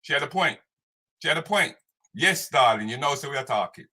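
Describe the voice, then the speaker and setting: Man, live show host, lively swinging pitch, bright. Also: a little fast. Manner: animated, playful, repetitive banter. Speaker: comedian hosting a live morning show. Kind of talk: live morning chat show, reading viewer comments.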